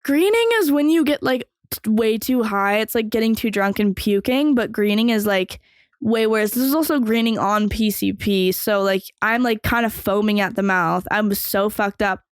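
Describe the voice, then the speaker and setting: A young adult woman hosts a podcast, rambling through a long personal story packed with fillers and casual swearing. She speaks at normal speed with a medium-pitched voice, and the studio sound is clean with no echo.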